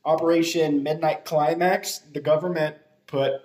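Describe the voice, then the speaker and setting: A man chatting casually on a podcast, his voice sitting a little high. The room has a noticeable echo. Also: fairly even intonation, moderate pace, a little mellow. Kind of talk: casual chat. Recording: echoey room.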